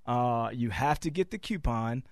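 A man, a dealer guest on a radio show, talking through a sales pitch with many halting fillers and restarts. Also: expressive, no room sound, studio quality. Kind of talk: casual radio interview. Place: radio studio.

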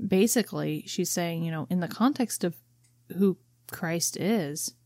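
A woman's voice: lowish voice, a little slow, warm tone, no room sound, studio quality. A woman co-hosting a book discussion podcast, reading passages aloud and explaining them in casual chat. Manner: reads quotes aloud then explains them plainly. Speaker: podcast co-host.

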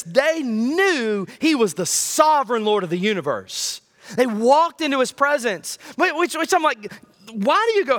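A male pastor preaching a sermon, swinging between loud high bursts and quiet low lines. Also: very animated, normal speed.

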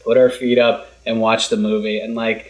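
A man's voice: on the low side, flat delivery, normal speed, poor audio. A man co-hosting a podcast, telling stories in an enthusiastic, rambling way. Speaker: podcast co-host. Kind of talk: casual podcast chat.

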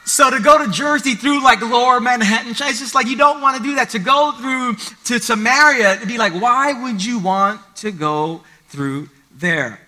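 A pastor delivers a Sunday sermon in a high, keen, bright-edged voice. This man reads scripture aloud and then unpacks it with plain everyday comparisons. He speaks to a church congregation. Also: normal speed, few pauses. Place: church service.

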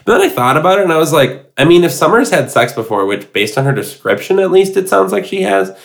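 A man's voice: a little high, very animated, fast talker, vocal fry. A man co-hosting a podcast, chatting casually and enthusiastically with lots of fillers. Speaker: podcast co-host. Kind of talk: casual recap chat.

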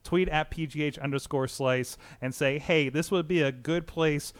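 A man's voice: fairly high pitch, steady tone, normal speed. Rambling man hosting a podcast. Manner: rambling, many restarts. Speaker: podcast host. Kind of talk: casual chat with ad read.

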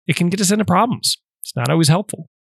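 A man hosting a podcast, calmly teaching prayer in numbered steps with a casual, conversational manner. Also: sits high, quick pace, creaky, breathy edge, no room sound, studio quality. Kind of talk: casual instructional talk.

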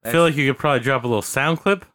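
A man's voice: mid-range voice, very fast, fairly bright tone, slight background noise. A man co-hosting a comedy podcast, playful and giggly, joking around with silly asides. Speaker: podcast co-host. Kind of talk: casual comedy podcast chat.

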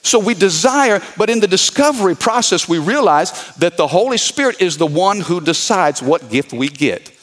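Lively, emphatic preaching pastor, a man. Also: sits high, normal speed, hardly any pauses. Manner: preaching with calls to the congregation; emphatic, repeats key points. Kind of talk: sermon.

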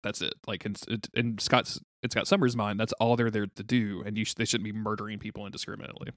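A man with a lower voice co-hosts a relaxed talk about comics. He recaps scenes haltingly, with plenty of ums and some casual swearing. His voice sounds dry and close to the mic. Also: dry recording. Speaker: podcast co-host.

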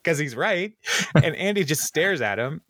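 A man hosting a podcast, retelling a TV episode in casual chat, with many ums and quick laughs. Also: fairly high pitch, animated, fairly bright tone, no room sound. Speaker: podcast host recapping a TV episode.

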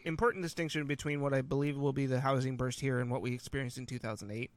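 A man's voice: medium pitch, steady tone, quick pace, dry recording. A man co-hosting a podcast, chatting casually, agreeing and explaining his points. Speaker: podcast co-host. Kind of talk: casual chat.

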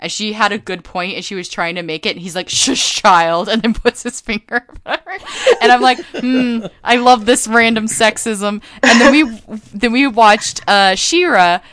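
A woman's voice: medium pitch, normal speed, few pauses, fairly bright tone, no room sound. A woman co-hosting a podcast in casual chat, rambling with plenty of fillers. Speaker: podcast co-host.

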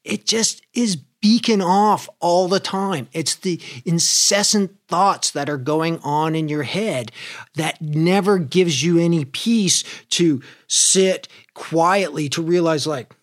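A man's voice: a little high, takes it slowly. A man giving a casual spiritual talk, conversational and loose, swearing freely and explaining with everyday comparisons. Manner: conversational, swears freely, acts out inner voices. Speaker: spiritual teacher.

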